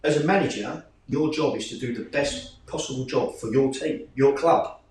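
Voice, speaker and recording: A man, a football club manager talking plainly and at length, his pitch jumping as he makes his points. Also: normal speed. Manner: plain-spoken, rambling, lively pitch swings. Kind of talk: casual discussion. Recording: echoey room from far off.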